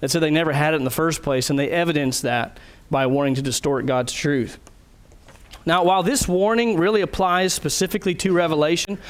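A man preaching a sermon as a pastor, earnest and emphatic, putting direct questions to his listeners. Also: a little high.

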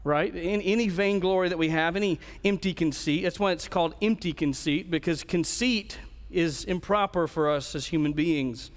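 A pastor delivers an earnest expository sermon at normal speed, frequently restarting his phrases. His voice is a little high for a man, and long reverb trails echo through the hall.

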